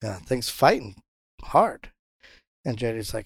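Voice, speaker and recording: Animated fishing captain telling stories. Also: male voice, measured pace, creaky, slightly rough, dry recording, clean studio sound. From Pompano, Florida. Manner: animated storyteller, jumps high when quoting others. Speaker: charter boat captain, podcast guest. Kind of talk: casual storytelling interview.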